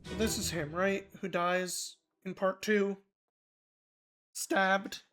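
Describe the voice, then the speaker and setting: A man's voice: high voice, steady tone, takes it slowly, background noise. A man streaming a mystery game, thinking aloud in loose, casual commentary with offhand swearing.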